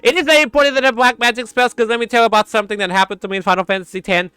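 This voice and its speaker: A man streaming in a casual chat, animated and giggly, breaking into sound effects. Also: extremely high pitch, rapid-fire, clear, resonant tone, dry recording, studio quality, faint music behind.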